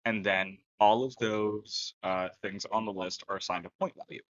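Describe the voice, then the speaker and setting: A man with a lowish voice co-hosts a laid-back podcast, walking through details patiently and slipping in deadpan jokes. The sound is close and dry with no room around it, though a bit dull and muffled. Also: moderate pace, no echo. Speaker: podcast co-host. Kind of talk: casual podcast chat.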